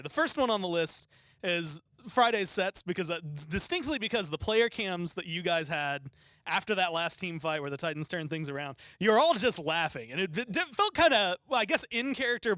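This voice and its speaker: High-voiced male pregame interviewer. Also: very animated, fairly quick, fairly bright tone, no room sound. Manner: chatty, rambling questions.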